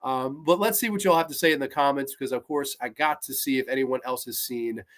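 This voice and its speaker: A man hosting a horror review show, chatting casually and excitably, swearing freely and laughing as he retells episodes and reads viewer comments. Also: mid-range voice, a little fast. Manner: excitable, profane, laughing often. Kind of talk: casual livestream review chat.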